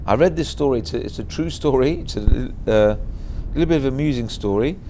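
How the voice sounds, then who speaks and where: A middle-aged man giving a Torah lesson as a rabbi, telling a story in a lively way and mixing in Hebrew and Yiddish words. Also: mid-range voice, a little fast, slight background noise.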